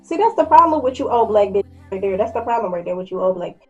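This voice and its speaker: A woman in her twenties telling a story in a casual vlog, blunt and profane, with lively acted-out quotes. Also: medium pitch, fast talker, highs cut off, faint music behind. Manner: blunt, profane, animated quoting. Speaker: vlogger.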